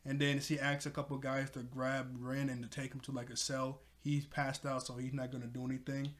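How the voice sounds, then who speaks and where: A young man casually recapping an anime episode as a reviewer, rambling with lots of "like" and "you know" and clearly an excited fan. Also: medium pitch, brisk. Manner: enthusiastic fan.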